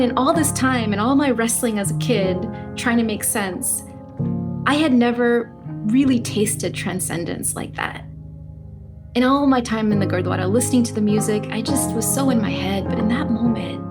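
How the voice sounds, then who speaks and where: A woman as a podcast guest, telling a personal story in a vivid, heartfelt way, with laughs between phrases. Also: on the high side.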